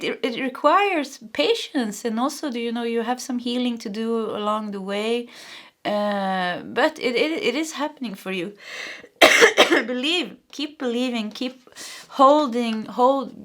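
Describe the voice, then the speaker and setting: A woman with a Swedish accent giving an intuitive tarot reading, soft and earnest, speaking straight to the listener and often stopping to restart her sentences. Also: medium pitch. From Sweden. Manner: soft, emotional, halting with many restarts; earnest and encouraging, addressing the listener directly. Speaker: tarot reader.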